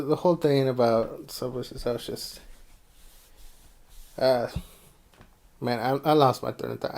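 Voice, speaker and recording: A man's voice: mid-range voice, darkish tone. A young man from the United States rambling casually about anime in his own vlog, with many fillers and restarts. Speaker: video creator.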